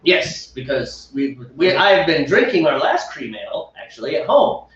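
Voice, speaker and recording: Middle-aged male brewer, chatty and rambling, pitched a touch high, recorded far off with a dull sound. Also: big pitch swings, normal speed, fairly bright tone. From United States. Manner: chatty, rambling, laughs often. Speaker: homebrew show co-host. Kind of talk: casual chat. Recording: echoey room, mic far off, dull.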